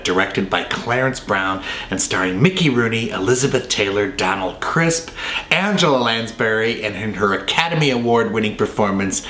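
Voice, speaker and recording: A man's voice: lowish voice, bright, forceful tone, a little hiss or hum. Chatty man reviewing old films. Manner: chatty, enthusiastic, rambling asides. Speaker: film review host. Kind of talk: casual film commentary. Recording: roomy echo, faint ambience.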